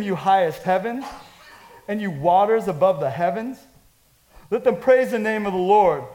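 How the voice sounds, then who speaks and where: A male pastor delivers a sermon in a notably high voice. He moves between scripture reading and energetic, chatty asides to his congregation. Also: poor audio. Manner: energetic, conversational preaching with dramatic readings.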